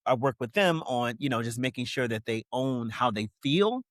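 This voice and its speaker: A man's voice: medium pitch, animated, moderate pace, no echo, studio quality. A man speaking as an interview guest, talking candidly and reflectively with many "you know what I mean" fillers.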